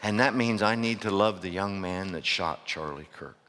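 Bright-voiced preacher in a reverberant hall. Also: male voice, deep voice, moderate pace. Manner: impassioned preaching, swinging from loud outbursts to hushed asides; asks the congregation rhetorical questions. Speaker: pastor. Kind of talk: sermon. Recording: long reverb of a large hall.

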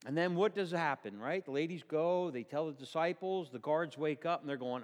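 A man's voice: fairly high pitch, moderate pace, few pauses, big-room sound. A male pastor preaching a sermon in a church, telling the story vividly and asking the congregation questions.

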